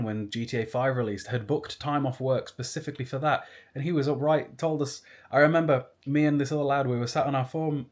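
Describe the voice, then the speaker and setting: Young guy, mid-pitched, casual storytelling vlog with rambling asides. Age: 20s. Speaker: YouTuber.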